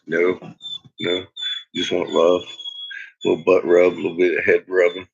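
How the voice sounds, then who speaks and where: In a profane, rambling live-stream chat with his viewers, a man swears constantly. He has a deep, gravelly, husky voice with a level tone and measured pace, leaving long pauses, all on a dull, lo-fi recording.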